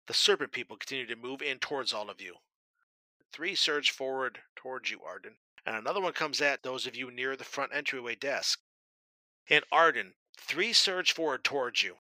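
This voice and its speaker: A man's voice: medium pitch, no room sound, low-quality recording. A man narrating a tabletop game as game master, describing the action and calling for rolls. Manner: steady, descriptive narration with brisk rule calls.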